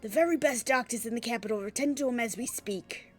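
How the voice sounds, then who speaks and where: A woman doing a gruff British police inspector. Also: on the high side, fast, faint music behind, lightly acted. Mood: fawning. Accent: put-on British. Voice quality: rough put-on British accent. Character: gruff male police inspector, blunt, swaggering.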